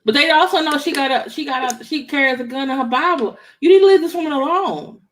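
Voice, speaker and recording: A woman's voice: high voice, quick pace, a bit bright, slight background noise. A woman commentator casually reacting to a clip, talking to her viewers in a chatty way. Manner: chatty, talks to viewers as "y'all".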